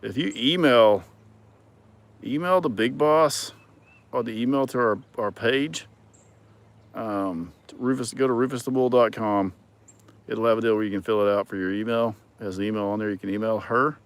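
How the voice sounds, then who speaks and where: A man's voice: fairly low pitch, normal speed. A man hosting a casual livestream, reading viewer comments and talking in a rambling way with many ums and some dry sarcasm. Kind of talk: casual chat.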